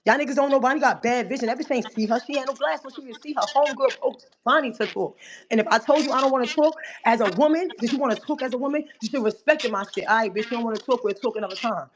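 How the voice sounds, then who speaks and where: A woman's voice: high voice, slight background noise. A woman telling a heated story in casual talk, blunt and profane, quoting others as she goes. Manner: blunt, profane, fast retelling with acted-out quotes. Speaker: guest on a live audio room.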